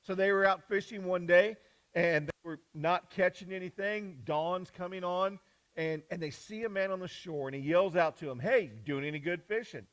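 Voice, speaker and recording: A man's voice: high-pitched, normal speed, poor audio. Male pastor preaching with big swings. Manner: storytelling, voices quotes with swings from hushed to loud. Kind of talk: sermon.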